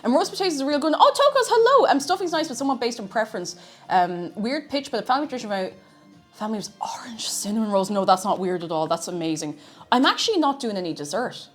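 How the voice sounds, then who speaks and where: A woman's voice: a little high, lively intonation, quick pace, faint music behind. An Irish woman streaming casually while she cooks, answering her viewers and talking between bites of food. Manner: chatty, reads viewer messages aloud and answers them; talks while snacking, sometimes with a full mouth. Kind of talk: casual cooking livestream chat.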